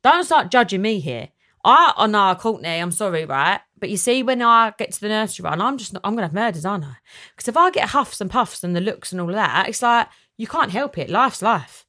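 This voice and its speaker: A woman's voice: mid-range voice, animated, fairly quick. A young woman hosts a casual solo podcast, chatting and ranting for fun, then reassuring her listeners. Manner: warm and reassuring when answering listeners. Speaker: podcast host.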